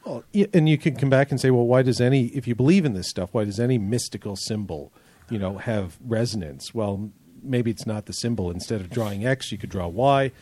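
A man co-hosting a talk show, speaking in a thoughtful and measured way at a mid pitch. The sound is dry and close to the mic, with no room around it. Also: mellow, no room sound. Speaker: podcast co-host. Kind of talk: casual panel discussion.

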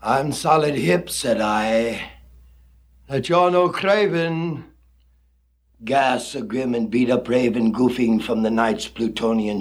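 A man's voice: mid-range voice, a bit bright. A man performing a comic poem recitation in hipster jive slang, with a theatrical, dramatic delivery.

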